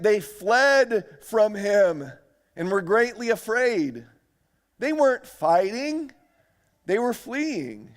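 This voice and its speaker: Male preacher, high-ish voice, animated, quizzes the congregation. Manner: animated, asks the audience questions. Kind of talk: sermon lecture.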